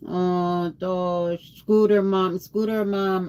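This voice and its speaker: A woman's voice: low voice, slow pace, pauses often, a little mellow. A tired woman livestreamer chatting casually and rambling, greeting her viewers by name. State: tired after a long day.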